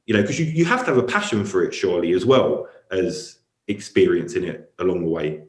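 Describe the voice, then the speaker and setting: Very deep-voiced male host in echoey room. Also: animated, brisk, a little mellow. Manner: reflective, with many fillers like "you know" and "again". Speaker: podcast host. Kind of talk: casual interview chat.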